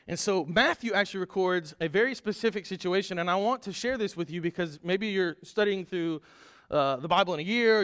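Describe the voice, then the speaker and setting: A man preaching a Sunday sermon, animated and conversational, putting rhetorical questions to the congregation. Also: high-pitched, no room sound, clean studio sound. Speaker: pastor.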